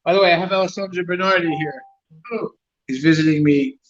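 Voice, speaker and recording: A man with a fairly high voice joins a casual chat as a guest over a video call. He is chatty and quick to laugh, and his audio sounds dull and lo-fi. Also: slight background noise. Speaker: guest street performer.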